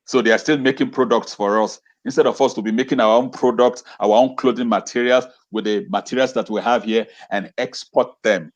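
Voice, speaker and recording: The recording is muffled as a man, an educator being interviewed on a video call, speaks a little fast with few pauses in a mid-range, steady-toned voice. He's impassioned, repeating phrases and throwing out rhetorical questions.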